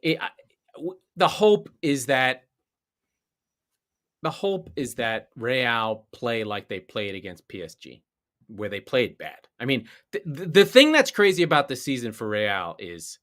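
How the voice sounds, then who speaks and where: A man co-hosting a podcast, chatting casually about soccer, getting excited and swearing when worked up. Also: medium pitch, unhurried. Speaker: podcast co-host. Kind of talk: casual sports chat.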